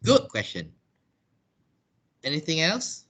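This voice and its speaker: Male English teacher, bright, clear voice, patient explainer on a video call. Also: fairly high pitch, huge pitch swings, takes it slowly. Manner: patient, explanatory, frequent "yeah?" check-ins. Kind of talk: online English lesson.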